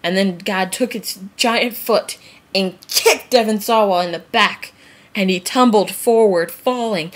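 A woman's voice: medium pitch, a bit bright. A woman vlogger ranting casually and comically to camera, rambling, laughing at herself and swearing freely. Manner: rambling, giggly, swears freely, acts out quotes. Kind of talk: casual comedic rant to camera.

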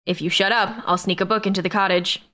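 A woman's voice: medium pitch, steady tone, bright, forceful tone, close to an everyday voice. A woman voicing an arrogant alien lord. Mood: irritated. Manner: slow, curt and commanding. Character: arrogant male alien nobleman soldier. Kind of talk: audiobook character voice.

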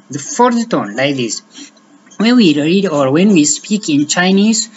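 A woman from Ethiopia, a native Afaan Oromo speaker, teaches in a low, unhurried voice, repeating phrases and restarting words patiently. The recording sounds slightly dull and lo-fi, with a faint hiss underneath. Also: expressive, a little mellow. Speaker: language teacher. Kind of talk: slow language lesson.

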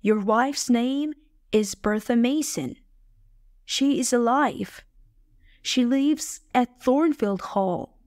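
A woman voicing a calm, formal male lawyer in a plain, slow, measured reading. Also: on the high side, no echo, studio quality. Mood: firm.

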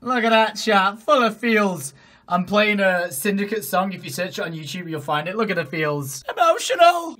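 A young man with an English accent, chatting casually in a vlog, excitable, swearing freely and talking to his pets. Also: on the high side. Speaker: vlogger.

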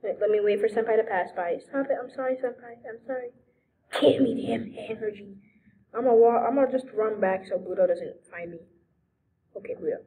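A young woman giving excitable, giggly commentary while playing a video game. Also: medium pitch, a little hiss or hum, low-quality recording. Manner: giggly, excitable, quick outbursts. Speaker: gamer. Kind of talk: let's play commentary.

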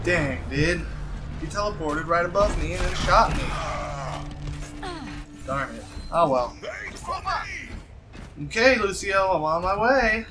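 A man giving casual gameplay commentary, excitable, shouting in frustration and cheering his team on. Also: high-pitched, takes it slowly, pauses often. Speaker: gaming video host. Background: game music and sound effects.

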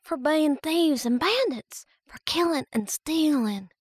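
A woman voicing a frightened young girl in an audiobook, high and trembling. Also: lively intonation, slow pace, no echo, studio quality. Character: young girl, terrified and pleading.

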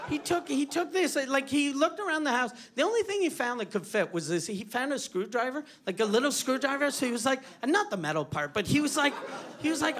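A man's voice: extremely high pitch, expressive, fairly quick. A man from Quebec doing a crude, self-mocking stand-up comedy set on a club stage, telling a story with lots of profanity. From Quebec, Canada. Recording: live club with loud audience laughter. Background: audience laughing.

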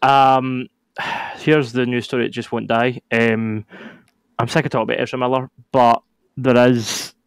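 A man with a Scottish accent co-hosting a podcast, going through news items in a measured, explaining way. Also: medium pitch, level tone, clear, resonant tone, no echo. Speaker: podcast co-host. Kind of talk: casual chat.

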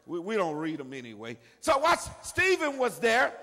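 An older man preaching a sermon, moving between quiet asides and shouted lines. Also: high voice, huge pitch swings, moderate pace. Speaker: pastor. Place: church sanctuary. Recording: long reverb of a large hall.

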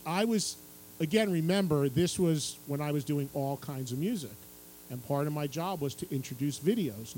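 A middle-aged man telling an animated anecdote to a live audience at a book signing, acting out other people's lines and laughing as he goes. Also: medium pitch, slight background noise, poor audio. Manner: lively storyteller who acts out other people's lines and laughs through the tale. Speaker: radio and TV music host telling a story at a book signing. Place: radio station stage at a public event.

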